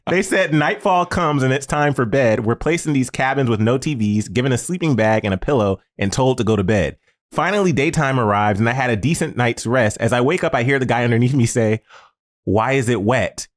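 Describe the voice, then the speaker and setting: A man's voice: medium pitch, lively intonation, a little fast. A man co-hosting a podcast in casual chat, reading listener secrets aloud in a playful way. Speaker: podcast co-host.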